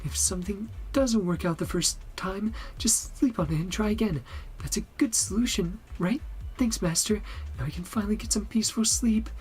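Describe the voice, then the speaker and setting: A man's voice: high-pitched, normal speed, hardly any pauses, darkish tone, slightly rough, voice pushed up. A man voicing a stressed, sleepless young student who pleads anxiously for help. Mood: relieved.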